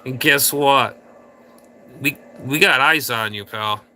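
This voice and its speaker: A man's voice: mid-range voice, slow pace, sharp tone, a little hiss or hum. A man hosting a casual livestream, rambling and ranting crudely at viewers in chat. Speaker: livestream host.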